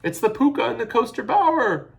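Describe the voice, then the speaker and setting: A man voicing a frightened, tearful little girl who pleads and cries out in high, shrill tones. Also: normal speed, creaky. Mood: panicked.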